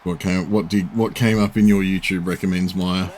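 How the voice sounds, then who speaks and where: A man's voice: sits low, fairly even intonation, normal speed, a little mellow, a little hiss or hum. Man rambling casually on a stream. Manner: rambling, swears casually, many fillers. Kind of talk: casual live-stream chat.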